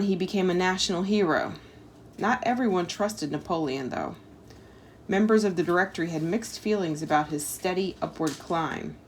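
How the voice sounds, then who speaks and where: A homeschooling mother with a lowish voice reads a history book aloud and chats about it with her child at home. Slight background noise is present, and she uses lots of "like" and "um" along with casual asides.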